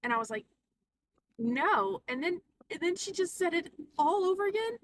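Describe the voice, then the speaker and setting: A woman vlogging a casual storytime, animated and quoting people in put-on voices. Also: extremely high pitch, fast, recorded from a distance, a little hiss or hum, poor audio.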